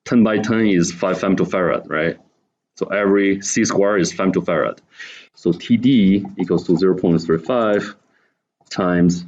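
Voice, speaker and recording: Low-voiced man lecturing to a class. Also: a little mellow, highs cut off. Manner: explaining step by step, asking the class questions. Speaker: university lecturer.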